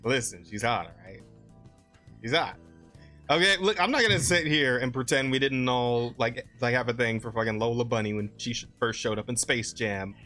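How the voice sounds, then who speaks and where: A man's voice: medium pitch, moderate pace, sharp tone, faint music behind. A young North American man co-hosting a podcast, joking and laughing often with crude humor. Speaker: podcast co-host. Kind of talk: casual podcast chat.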